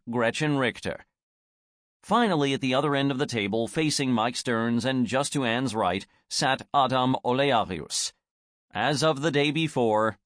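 A man narrates a novel with lively, animated intonation. His pitch sits in a middle range for a man. The recording is dry and close, with no room sound. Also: no room sound. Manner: expressive, animated storytelling. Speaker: audiobook narrator. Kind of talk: scripted narration.

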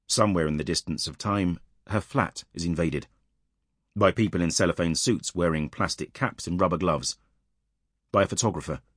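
A man narrating an audiobook in a measured, tense storytelling manner, recorded close in a dry studio. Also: low voice, no room sound.

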